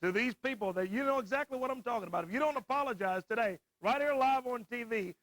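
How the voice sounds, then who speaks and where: A man's voice: extremely high pitch, quick pace, fairly bright tone. A man hosting a live TV wrestling segment, scolding and emphatic. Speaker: TV wrestling show host.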